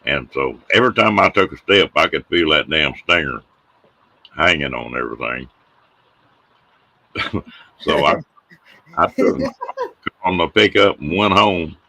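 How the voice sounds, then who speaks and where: A man's voice: a bass voice, lively intonation, measured pace, pauses often, sharp tone. A middle-aged man, hosting and telling folksy stories in a casual, laughing way. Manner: folksy, drawling yarn-spinner who laughs at his own tales. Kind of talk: casual storytelling on a live show.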